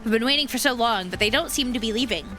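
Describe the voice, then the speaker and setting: Mulher lendo espírito jovem e tímido de aldeia. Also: female voice, on the high side, fast, sharp tone, faint music behind. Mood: worried. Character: timid young villager spirit scared of birds.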